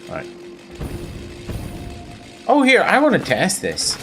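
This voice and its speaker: Northern Irish man, tired gameplay host, lively low voice, self-mocking, rambles and repeats words. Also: measured pace, faint music behind. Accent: Northern Irish, Belfast. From Northern Ireland. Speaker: gaming video host. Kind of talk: casual gameplay commentary.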